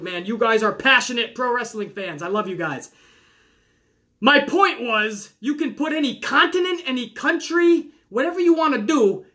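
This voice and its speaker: Bright-voiced man chatting excitedly. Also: very high-pitched. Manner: chatty and enthusiastic, reads questions aloud then riffs. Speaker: podcast host answering viewer questions. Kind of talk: casual chat.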